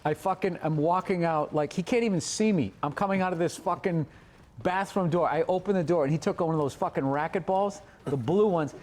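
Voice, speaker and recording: A man's voice: a little high, a little fast, a little mellow. A man, a comedian, telling rambling, profane anecdotes in a casual chat. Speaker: comedian, podcast co-host.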